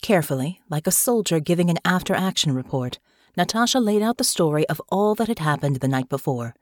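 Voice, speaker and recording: A woman reading an audiobook in a measured, even storytelling voice. Her pitch sits low for a woman, and the recording is dry and close with no room sound. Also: dry recording. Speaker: audiobook narrator. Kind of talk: scripted audiobook narration.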